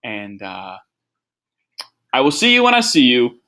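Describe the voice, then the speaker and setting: A man's voice: mid-range voice, huge pitch swings, a little slow, bright, forceful tone. A young man hosting a comedy podcast, rambling and self-deprecating, with lots of "like" fillers. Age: young adult. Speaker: podcast host. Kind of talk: casual comedy podcast monologue.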